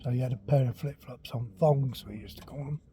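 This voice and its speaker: An older man from England hosting a walking vlog tells childhood tales briskly in a husky, warm, medium-pitched voice. The casual storytelling rambles along chattily, with occasional drops to near whispers.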